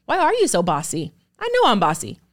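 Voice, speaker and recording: Her mid-range voice swings hugely in pitch and runs a little fast as she guests on a podcast. An actor and producer in her thirties, she speaks candidly, earnestly and emphatically, leaning on runs of rhetorical questions.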